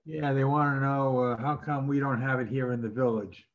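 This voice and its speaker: A man chatting casually on a call, answering in quick, easygoing short replies. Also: mid-range voice, steady tone, muffled recording. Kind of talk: casual chat over a call.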